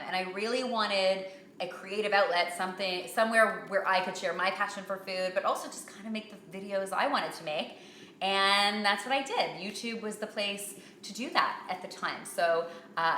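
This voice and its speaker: A Canadian woman in her thirties hosts a live cooking show, answering viewer questions in a chatty, upbeat way. Her voice is bright and forward. The home kitchen around her gives it a roomy echo. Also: lowish voice, slight background noise.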